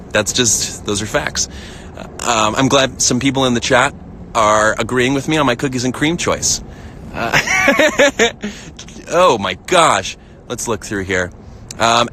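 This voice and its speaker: Bright-voiced playful American man. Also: slight background noise. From United States. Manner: playful, giggly, jumps up into a high voice when joking. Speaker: live stream host. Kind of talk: casual chat reading viewer comments. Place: outdoors, lounging in a field. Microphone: phone live stream.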